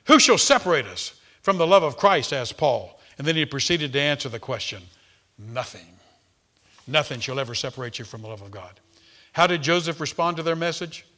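A man preaching a sermon, swinging between loud emphasis and hushed tones, and repeating words as he speaks off the cuff. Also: a little high.

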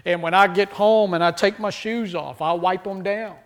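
High-voiced, joking male pastor preaching. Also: fairly even intonation, normal speed. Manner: joking, call-and-response with congregation. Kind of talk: sermon.

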